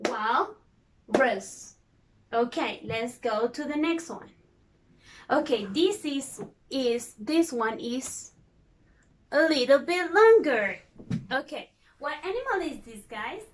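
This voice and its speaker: Teacher: woman, high voice, very slow and patient, repeats each word for young learners. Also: expressive, slight background noise. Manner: slow, patient, repeats words and spells out vowels. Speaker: English teacher. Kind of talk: recorded lesson for young learners.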